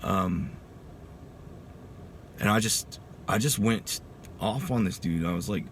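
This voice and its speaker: Man, low voice, casual, emphatic, veteran telling his story, faint background noise. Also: takes it slowly. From Texas. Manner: casual, emphatic, says "dude" and "freaking". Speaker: veteran giving a testimony. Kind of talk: personal storytelling.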